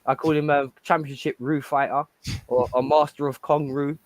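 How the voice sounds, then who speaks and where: A man's voice: on the high side, flat delivery, moderate pace, no room sound, rough recording. A man, co-hosting a casual, jokey chat. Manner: playful, jokey, laughs often. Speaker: co-host.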